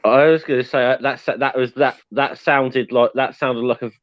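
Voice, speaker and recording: A man's voice: medium pitch, steady tone, normal speed, dry recording. Male guest, stop-start, salty language, muffled dry recording. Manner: stammering restarts, blunt, swears. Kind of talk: casual stream chat. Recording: dull dry lo-fi mic.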